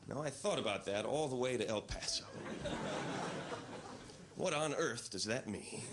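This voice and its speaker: A male stand-up comedian telling stories in a deadpan, incredulous way on a club stage into a handheld mic. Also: mid-range voice, moderate pace, pauses often. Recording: loud audience noise, live club.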